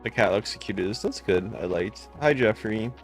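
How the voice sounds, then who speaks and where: Tired, low-voiced young man streaming. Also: moderate pace, faint music behind. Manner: relaxed, greets viewers by name, rambling asides. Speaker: live streamer. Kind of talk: casual live-stream chat while gaming.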